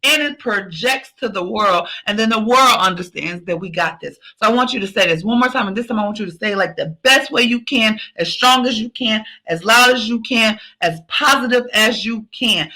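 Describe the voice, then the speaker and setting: A woman hosts a podcast in a high, piercingly bright voice. She drives each point home through emphatic repetition, pep-talk style. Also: normal speed, hardly any pauses, rough recording. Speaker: podcast host.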